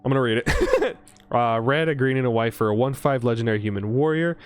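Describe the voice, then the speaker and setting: A young man of middling pitch chatters through a card pack opening, rattling off rules text at speed and breaking into excited reactions. Faint music plays softly under his voice. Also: clear, resonant tone. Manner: excitable, reads card text aloud quickly, gasps and laughs often. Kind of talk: casual commentary while opening card packs.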